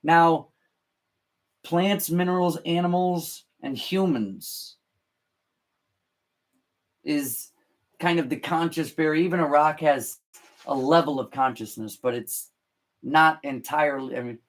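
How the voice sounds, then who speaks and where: A man talks through scripture at an unhurried, deliberate pace, often stopping to restart a phrase. His voice sits a little higher than most men's. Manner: halting, many restarts and fillers, slow and deliberate. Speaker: podcast host. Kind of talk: unscripted talk explaining scripture.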